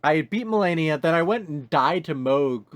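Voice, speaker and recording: A man's voice: fairly high pitch, expressive, normal speed, a little hiss or hum. Rambling, swearing male podcast co-host. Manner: rambling, restarts often, swears freely. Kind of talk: casual chat.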